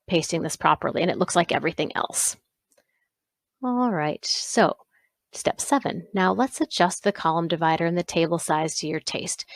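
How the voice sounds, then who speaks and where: A woman instructor talking through a software exercise step by step, pausing to correct herself along the way. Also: fairly low pitch, no room sound. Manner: step-by-step, self-correcting with small asides. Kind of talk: screen-recorded software walkthrough.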